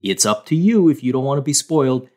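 A man's voice: medium pitch, expressive, fast talker, dark tone. A man co-hosting a sports podcast, giving emphatic opinions in casual chat. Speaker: podcast co-host.

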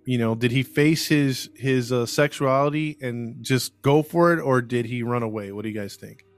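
An American man at an everyday mid pitch, hosting a podcast and spinning a true-crime story. He talks loosely, full of "you know" and restarts, laughing easily between points. Faint music sits under his voice. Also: normal speed, clear, resonant tone. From United States. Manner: loose, conversational, many fillers, laughs easily. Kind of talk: casual storytelling chat.

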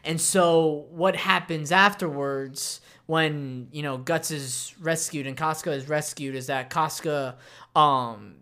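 With a high-ish, bright voice and a forceful tone, a man co-hosting a podcast talks slowly about an anime. His casual chat rambles, full of fillers and restarts.

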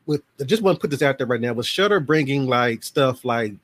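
A man in his forties chats as a guest on a podcast. His voice sits at an ordinary middle pitch, and he tells his stories loosely and playfully. He slips into the voices of the people in them as he goes. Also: fairly quick. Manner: lively storyteller who acts out family members' voices. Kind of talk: casual chat.

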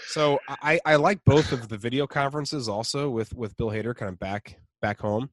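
A man co-hosting a podcast, chatting casually and enthusiastically, laughing often as he acts out quotes. His voice sits at an ordinary mid pitch. The recording is dry and close, with no room echo. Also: normal speed. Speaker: podcast co-host. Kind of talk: casual chat.

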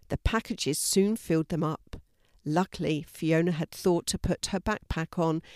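An older woman narrating a children's story in a gentle, steady storybook manner. Her voice sits low for a woman. The recording is dry and close, with no room around it. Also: no echo. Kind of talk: reading a children's story aloud.

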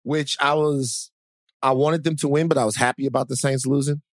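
A man co-hosting a podcast, talking casually in a rambling, animated, self-mocking way. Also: medium pitch, normal speed, no room sound, clean studio sound. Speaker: podcast co-host. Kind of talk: casual chat.

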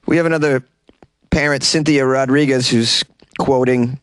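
A man's voice: mid-range voice, steady tone, moderate pace, no room sound. A man hosting a comedy news podcast, reading stories and breaking in with sarcastic, mock-outraged jokes and frequent laughs. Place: small closet.

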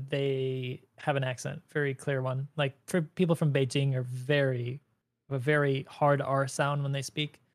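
A man chatting on a panel, telling animated stories and acting out what people said. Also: mid-range voice, dry recording. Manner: animated storyteller, acts out quotes. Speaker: guest content creator. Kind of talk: casual panel chat.

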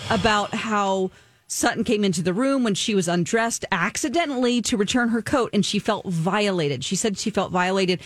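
A woman's voice: mid-range voice, lively intonation, normal speed, no room sound. A woman co-hosting a casual chat, recounting scenes indignantly and quoting people. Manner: indignant, quotes others in put-on voices. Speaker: co-host. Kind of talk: casual gossip chat about reality TV.

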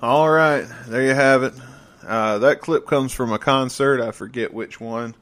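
A man's voice: mid-range voice, measured pace, a bit bright, slight background noise. A man co-hosting a casual podcast, rambling and tripping over his words, laughing often. He is from the southern United States. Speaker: podcast co-host.

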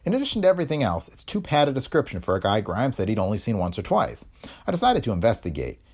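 A man doing a calm, smug detective laying out a case, bland and lecturing. The voice stays low, with pitch that rises and falls widely as he explains. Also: fast, slightly rough, exaggerated voice.

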